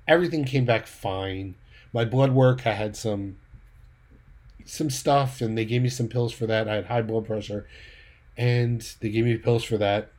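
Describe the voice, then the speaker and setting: A man's voice: medium pitch, measured pace, darkish tone. A man casually recounting a personal story, retelling the dialogue in a conversational way with the odd light laugh. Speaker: church leader giving a personal update.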